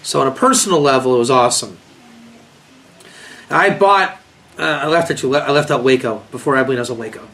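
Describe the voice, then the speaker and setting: A man's voice: medium pitch, brisk, pauses often, fairly bright tone. A man with a South African accent, a rabbi telling a rambling story in a casual class, chuckling and restarting his sentences.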